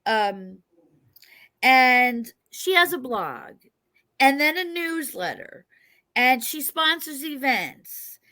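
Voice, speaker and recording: A woman with a New York accent hosts a casual interview, chatty and joking as she rambles from one point to the next. Her voice sits a bit high and rings bright and forceful. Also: very animated, takes it slowly. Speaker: interview host.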